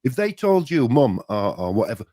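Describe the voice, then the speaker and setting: A man's voice: mid-range voice, big pitch swings, a little fast, warm tone, no room sound. Rambling man in a dry room. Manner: rambling, with restarts and asides. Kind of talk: casual chat.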